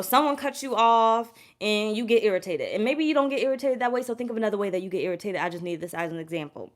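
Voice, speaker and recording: A tarot reader gives a casual live reading in a voice of ordinary pitch, neither high nor low. She rambles, curses freely, circles back to repeat herself, and stops to greet viewers in the chat.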